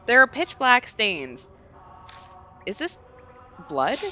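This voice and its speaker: Bright, lively woman playing through a game. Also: fairly high pitch, takes it slowly, slight background noise. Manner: chatty, giggly, reads on-screen text in a storytelling tone. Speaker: let's play host. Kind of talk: casual game commentary, reading game text aloud.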